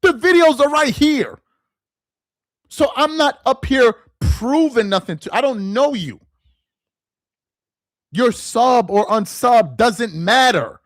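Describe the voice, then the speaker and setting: This man's pitch is extremely high and expressive, and he speaks slowly with frequent pauses, with no room sound in the recording. Running a sports commentary channel, he vents to the camera in an exasperated tone, hammering the same lines repeatedly for emphasis.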